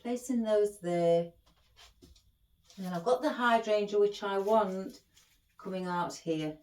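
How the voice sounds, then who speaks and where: A woman's voice: medium pitch, takes it slowly, background noise. A middle-aged woman chatting as she hosts a craft tutorial, rambling and affectionate toward her viewers. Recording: echoey room.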